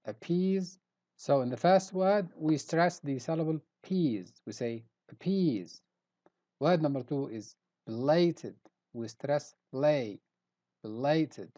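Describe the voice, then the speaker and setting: A man's voice: a little high, mellow. A middle-aged man teaching English vocabulary, carefully repeating each word to show the stressed syllable. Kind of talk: pronunciation lesson. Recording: dull lo-fi recording.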